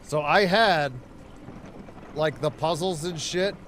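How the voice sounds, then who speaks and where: A man's voice: a little high, slow pace, a bit bright, a little hiss or hum. A man live-streaming a video game, chatting casually and profanely with his viewers while he plays. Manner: profane, rambling, talks to chat and the game. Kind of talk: casual gaming livestream chat.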